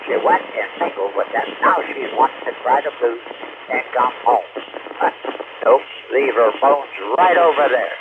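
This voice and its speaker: A man's voice: medium pitch, lively intonation, measured pace. Man, ham radio operator, blunt ranting talk, tinny hissy radio audio. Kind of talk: on-air radio chat.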